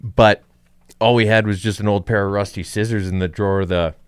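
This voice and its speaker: A man telling an old work story in a casual chat, deadpan and swearing freely. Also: on the low side, fairly quick, smooth, no echo, clean studio sound. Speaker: podcast guest, comedian.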